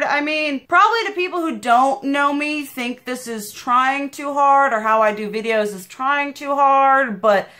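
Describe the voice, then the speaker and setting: Loud, bright-voiced young woman vlogging. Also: on the high side, normal speed, few pauses. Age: young adult. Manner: loud, passionate and emphatic; animated and chatty. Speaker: beauty vlogger. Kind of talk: casual vlog chat.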